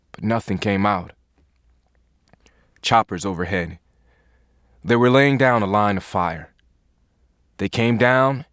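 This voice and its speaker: Low-voiced man narrating an audiobook. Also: no echo, clean studio sound. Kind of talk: first-person audiobook narration.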